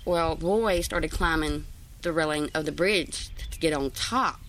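A woman's voice: deep voice, a little slow, a bit bright, slight background noise. A woman telling a story from her past in a rambling, folksy way, with many fillers. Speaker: interviewee. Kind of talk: casual storytelling.

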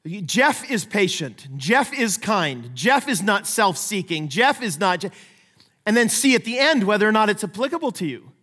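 A middle-aged male pastor with a high voice preaches in a lively, conversational way, slipping into playful voices for the people he quotes. His words ring out with the long reverb of a large church sanctuary. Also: normal speed. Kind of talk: sermon.

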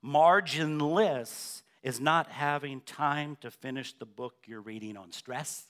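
Pastor, man, higher-pitched voice, church sermon, questions the congregation, emphatic repetition. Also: slow, a bit bright. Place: church sanctuary.

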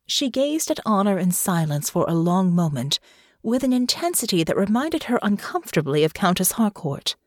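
A woman reads fantasy fiction aloud with a lively, swinging pitch and a mid-range voice. The sound is close and dry. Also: moderate pace, no room sound. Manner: expressive storytelling. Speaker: audiobook narrator. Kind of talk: scripted fiction narration.

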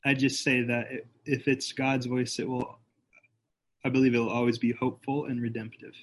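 A man's voice: mid-range voice, level tone, moderate pace, poor audio. A man on a church teaching team speaking firmly and assuredly on a video call. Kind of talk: casual discussion on a video call.

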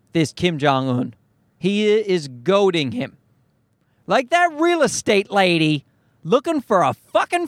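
A man's voice: sits high, a bit bright, dry recording. A man hosting a solo podcast, ranting in an exasperated, profane and rambling way. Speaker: podcast host. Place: recorded at home at night.

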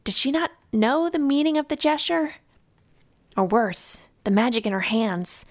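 An audiobook narrator reads a scripted fantasy novel in a calm, measured storytelling voice. She speaks at a medium pitch, and the studio sound is clean with no echo.

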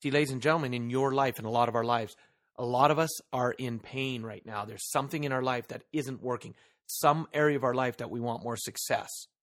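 A man's voice: mid-range voice, a little fast. A man hosting a solo motivational podcast who talks earnestly into a microphone, leans hard on key words and asks the listener rhetorical questions. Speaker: podcast host.

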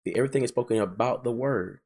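A man teaching verse by verse through scripture, emphatic and repetitive, slowing down to read passages aloud. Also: medium pitch, darkish tone, slightly rough. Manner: emphatic, repeats key phrases, slows down to read scripture aloud. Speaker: preacher.

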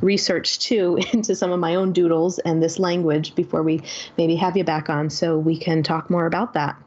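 Woman host, casual interview chat, enthusiastic, laughs often, lowish voice. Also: flat delivery, normal speed, a little mellow. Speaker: podcast host. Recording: slightly dull lo-fi audio.

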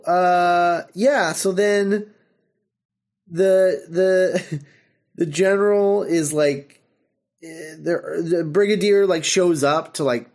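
A man hosting a podcast, retelling an episode in casual chat, animated and full of fillers and laughter. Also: fairly high pitch. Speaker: podcast host.

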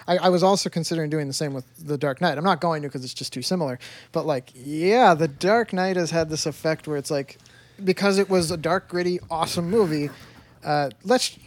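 A man hosting a casual podcast, upbeat and quick to agree. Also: a little high, no room sound. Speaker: podcast host.

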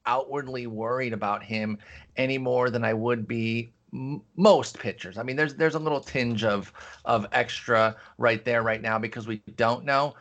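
A man co-hosting a fantasy baseball show, giving steady, lengthy answers in a radio interview about his picks. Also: mid-range voice, normal speed, lo-fi sound.

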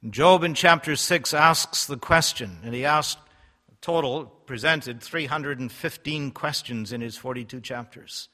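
A man preaching a sermon, reading scripture slowly and solemnly, his loudness rising and falling for emphasis. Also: medium pitch. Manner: emphatic, swells and drops in loudness; reads scripture in slow, solemn cadence. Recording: long hall reverb.

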